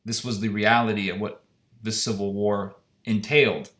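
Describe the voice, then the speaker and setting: A man's voice: lowish voice, level tone, normal speed, fairly bright tone. A man giving an impassioned, indignant solo opinion monologue, firing off rhetorical questions. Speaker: commentator. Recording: echoey room.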